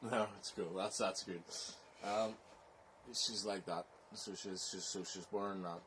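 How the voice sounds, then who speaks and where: A man with a Belfast accent, telling a scary story in slow, rambling casual chat, with "so it is" tags. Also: low voice, fairly even intonation, background noise. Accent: Northern Irish, Belfast.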